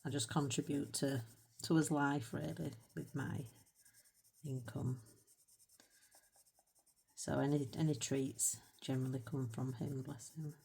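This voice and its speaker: A British woman in middle age chats away while she colours, her voice sitting low. She drifts from thought to thought, pokes fun at herself and slips in soft little laughs. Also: flat delivery, a little slow, creaky, long pauses, breathy edge. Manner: chatty and rambling, self-mocking, with little laughs. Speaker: colouring channel host. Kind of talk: casual chat while colouring.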